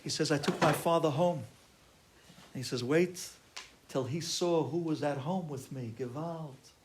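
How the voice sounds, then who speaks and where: A man, a rabbi, telling a story in an animated way, acting out the people in it with shouts and exclamations. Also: a little high, measured pace, slight background noise. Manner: acts out quoted voices, shouting and exclaiming.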